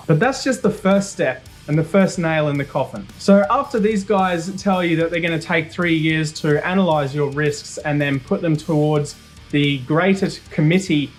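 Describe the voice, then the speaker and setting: A man, ranting in a profane, animated storytelling style on a video channel. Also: a little high, normal speed, soft background music. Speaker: cybersecurity YouTuber. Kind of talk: ranting vlog monologue.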